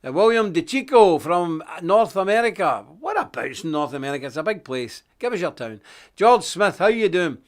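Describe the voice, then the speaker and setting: A man's voice: sits high, very animated, moderate pace. A man presenting a daily live stream, chatting casually, greeting viewers one by one and reading scripture with preachy emphasis. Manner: chatty, self-deprecating, greets viewers one after another.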